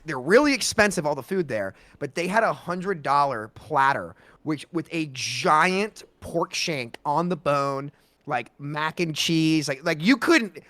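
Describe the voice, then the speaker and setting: A man's voice: a little high, measured pace, no room sound. A young American man co-hosting a casual podcast on a voice call, telling stories full of "like" and restarts. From United States. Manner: animated storyteller, lots of fillers. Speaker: podcast co-host. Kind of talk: casual chat.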